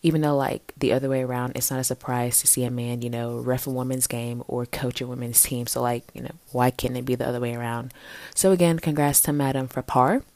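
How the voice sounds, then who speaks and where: Chatty low-voiced woman podcaster. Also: steady tone, brisk, darkish tone, no echo. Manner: chatty, filler-heavy, playful asides. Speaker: podcast host. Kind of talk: casual solo sports podcast. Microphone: home podcast mic.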